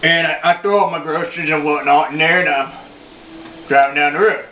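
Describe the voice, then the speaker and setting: A man's voice: fairly high pitch, fairly even intonation, brisk, slight background noise, lightly acted. A man playing a foul-mouthed, boastful old redneck in his sixties, telling a rambling, profane story as a comedy monologue. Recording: roomy, dull lo-fi home video.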